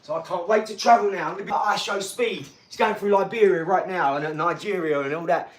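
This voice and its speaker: Chatty man, fairly high voice. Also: quick pace. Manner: chatty and slangy, talking straight to the chat. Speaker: live streamer and boxer. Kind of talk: casual live-stream chat to viewers. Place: garage gym.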